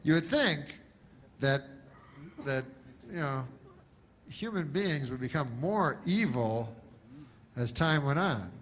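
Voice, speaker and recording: A man doing stand-up in a flat, deadpan ramble that wanders through digressions and hesitations. His voice sits in an ordinary middle pitch. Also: vocal fry, slight background noise. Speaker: stand-up comedian. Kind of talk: stand-up comedy.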